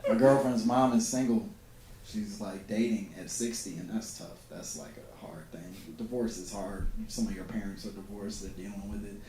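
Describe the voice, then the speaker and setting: A man's voice: lowish voice, normal speed, noisy background. A man doing stand-up comedy, talking in a conversational, self-deprecating way. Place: comedy club on stage. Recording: echoey club with crowd laughter.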